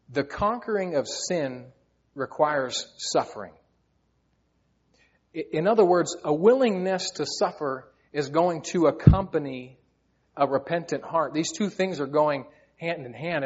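A man's voice: on the high side, animated, a little slow, long pauses, husky, muffled recording. A man preaching a sermon, telling personal stories in an earnest, heartfelt way, often repeating words as he goes. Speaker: pastor.

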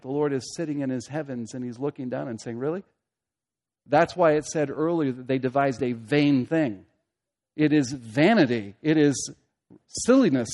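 Preaching through a passage verse by verse, a man alternates booming, emphatic moments with soft, low side remarks. He stresses ideas by asking rhetorical questions and repeating key phrases.

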